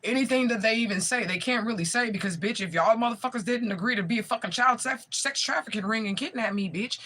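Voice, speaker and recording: Woman medium around 40 venting on her vlog, sharp bright voice, swears a lot, rambles, keeps saying you get me. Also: a little high, fast talker, hardly any pauses, rough recording. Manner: profane, rambling and repetitive; keeps asking listeners if they follow. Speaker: spiritual medium. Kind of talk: emotional direct-to-camera vlog.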